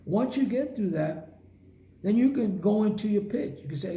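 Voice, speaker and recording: A man's voice: high voice, animated, moderate pace, mellow. A man giving a motivational sales coaching talk, emphatic and punchy, with short repeated phrases. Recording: roomy echo.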